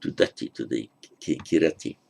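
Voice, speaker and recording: A man's voice: a bass voice, moderate pace, gravelly, a little mellow. A man giving a grammar lecture, thinking aloud with fillers and self-corrections. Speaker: teacher.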